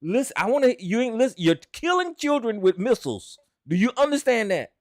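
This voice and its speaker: A man's voice: extremely high pitch, sing-song, a little fast, darkish tone, no room sound, clean studio sound. A man hosting a heated call-in argument, profane and insistent, repeating himself again and again.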